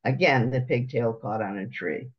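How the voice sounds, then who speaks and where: Unhurried man lecturing over slides, lo-fi. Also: mid-range voice, husky. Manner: unhurried, pausing, explaining each picture.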